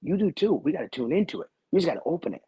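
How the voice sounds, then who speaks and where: A man's voice: on the high side, sing-song, rapid-fire, dark tone, rough recording. A man who is a guest on a talk show, telling a personal story in a rambling, earnest way and repeating his phrases.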